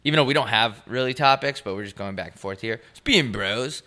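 A man's voice: medium pitch, fast talker. A young man co-hosting a podcast, telling a story in a casual, profane way and acting out the people he met. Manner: animated storytelling, swearing, acts out voices of people he met. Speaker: podcast co-host. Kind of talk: casual chat.

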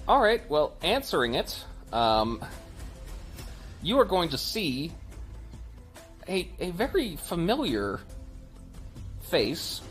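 A man's voice: fairly high pitch, huge pitch swings, takes it slowly, long pauses, fairly bright tone, faint music behind. A man acting as game master, narrating with rambling, word-searching descriptions and playful sound effects.

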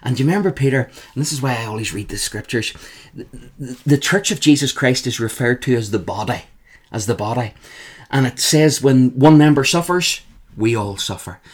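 A man with a Northern Irish accent, a guest telling emphatic, animated stories in an interview. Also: medium pitch, a little fast, breathy edge. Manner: animated, emphatic, repeats the host's name. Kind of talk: storytelling in an interview.

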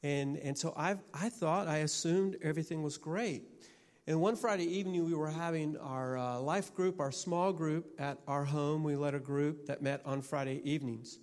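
Male minister, slightly high voice, halting storyteller in a sermon, with a long reverb tail. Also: a little mellow. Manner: halting, repeats his starts. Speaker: minister and teacher.

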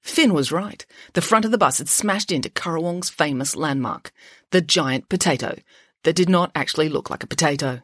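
A woman author narrating her children's adventure book aloud with an expressive storytelling manner. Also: sits low, moderate pace, no echo, clean studio sound. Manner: lively, expressive reading. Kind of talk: storybook narration with character voices.

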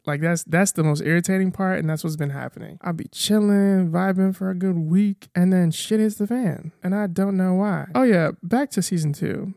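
Young podcast host, loose playful solo chat, rapid rambling delivery, relaxed mellow tone. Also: mid-range voice, dry recording, studio quality. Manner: rambling, talks very fast; playful, jokes at own slips.

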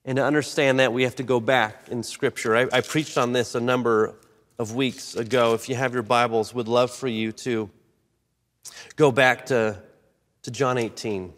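A man preaching a sermon, animated, swinging between loud emphatic lines and soft low ones. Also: moderate pace. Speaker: pastor. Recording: long reverb of a large hall.

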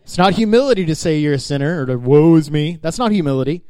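A man's voice: on the high side, lively intonation, very fast, clear, resonant tone. A male pastor preaching a sermon in an emphatic, conversational way, speaking straight to his congregation.

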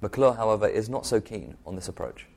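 Deep-voiced male podcast host narrating. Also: animated, fairly quick, darkish tone. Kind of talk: scripted narration.

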